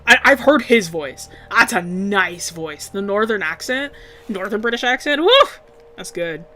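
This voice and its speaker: A woman's voice: mid-range voice, animated, unhurried, sharp tone. A young woman chatting casually while she draws requests, laid-back, giggly and swearing casually. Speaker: artist streamer drawing requests. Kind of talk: casual chat while drawing.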